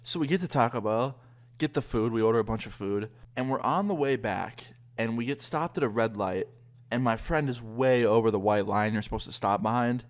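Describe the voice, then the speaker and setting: A man's voice: mid-range voice, fairly quick. A young man telling a story to camera in a casual, chatty way, full of fillers. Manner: chatty, lots of fillers like 'like'. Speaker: vlogger.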